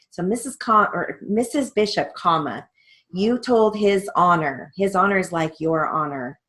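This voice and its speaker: Woman methodically teaching punctuation. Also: lowish voice. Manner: methodical, reads transcript aloud naming each punctuation mark. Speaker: court reporting instructor. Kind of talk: recorded theory lesson walkthrough.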